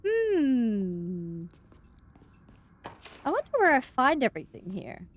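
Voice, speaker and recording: A woman's voice: on the high side, huge pitch swings, slow. A young woman with an Australian accent, some of her R's sounding a little American, chatting casually and rambling while she streams a game. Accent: Australian, with slightly American-sounding R's. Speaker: VTuber streamer. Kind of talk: casual gameplay chat.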